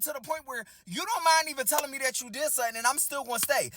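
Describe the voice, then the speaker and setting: A man telling a personal story in a casual storytime monologue, animated, talking straight to the audience and acting out the dialogue. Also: very high voice, fast, hardly any pauses.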